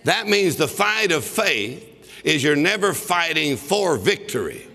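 A man's voice: a little high, very animated, a little slow, gravelly, sharp tone. A man preaching a sermon, telling a story and breaking into bursts of laughter as he exhorts. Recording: long reverb of a large hall.

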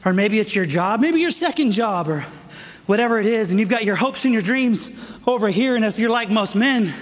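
A middle-aged man preaching a sermon to men, energetic and out of breath, calling for amens. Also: high-pitched, normal speed. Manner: energetic, calls for amens, asks "right?". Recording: echoey hall with long reverb.

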